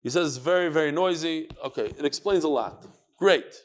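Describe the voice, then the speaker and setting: A man's voice: a little high, a little fast, slight background noise. A man, a rabbi, teaching a live Talmud class in a study hall. He tells stories with flair, acts out the quotes and talks straight to his students.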